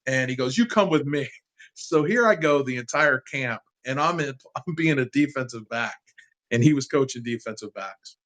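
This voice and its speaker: Guy in his 50s telling an old story on a sports talk show, lively and heartfelt, regular pitch. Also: normal speed, rough recording. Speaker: sports fan guest. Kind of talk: casual interview storytelling.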